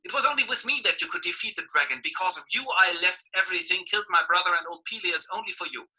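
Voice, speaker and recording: A man voicing a vengeful, scorned woman in a comic retelling, shrill, indignant and mocking. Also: fast, sharp tone, husky, faint music behind, full character voice, low-quality recording. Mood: furious.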